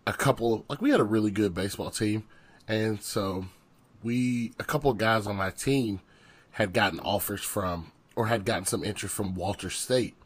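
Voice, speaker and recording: A young man telling lively stories on a podcast, laughing often and acting out the lines he quotes. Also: fairly low pitch, moderate pace. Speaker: podcast co-host, former football and baseball player. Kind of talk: casual podcast storytelling.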